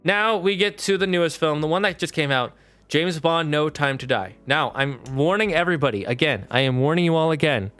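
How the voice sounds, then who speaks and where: A man's voice: on the high side, a little fast, fairly bright tone, clean tone, no room sound, soft background music. A man streaming live, chatting casually and animatedly with his viewers and mods. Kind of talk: casual livestream chat.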